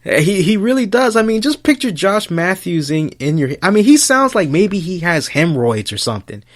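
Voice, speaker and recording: A man's voice: high-pitched, normal speed. A man hosting a podcast, ranting in a casual, rambling way with lots of swearing. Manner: profane, rambling, animated. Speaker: podcast host.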